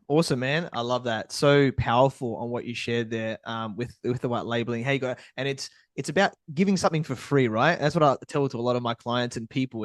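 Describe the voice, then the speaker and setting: A man's voice: medium pitch, dry recording. A man hosting a business podcast, praising his guest in an enthusiastic, rambling way with many fillers before he asks a question. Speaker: podcast host. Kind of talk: casual interview.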